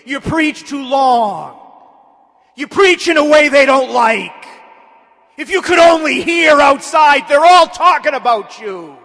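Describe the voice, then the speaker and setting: A priest voicing the devil as a grotesque, spiteful male spirit who mocks and taunts in a loud voice. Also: very high-pitched, animated, slow, pitched above the performer's own voice, heavily acted. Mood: taunting. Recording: long hall reverb.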